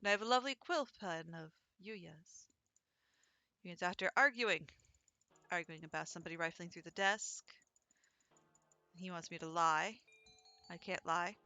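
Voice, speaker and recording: A woman's voice: lowish voice, a little slow, long pauses, pushed and bright, no echo, soft background music. A young adult woman chatting casually over a game, rambling into stories. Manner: chatty, rambling anecdotes with acted quotes. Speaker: let's play streamer. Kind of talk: casual gameplay commentary.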